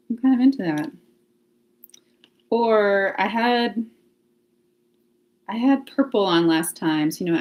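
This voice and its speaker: This woman's voice sits fairly low with a darkish tone. She is hosting a casual livestream at home near the laundry closet, chatting with her viewers, thinking aloud and laughing often.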